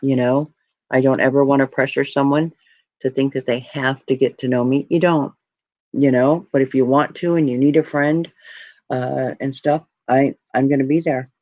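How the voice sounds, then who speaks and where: Close to tears, this woman hosts a jewelry live stream, talking to viewers in a rambling, grateful, heartfelt way as she tears up. She has an extremely low, warm voice, fairly even intonation and a moderate pace. There's no echo; the lo-fi recording sounds dry and muffled.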